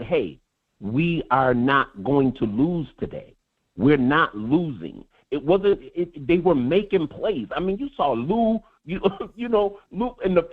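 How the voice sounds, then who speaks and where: An animated man talks football in a casual chat, stacking repeated words as he works toward his point. His voice comes through a thin, tinny, phone-like line. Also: fairly high pitch.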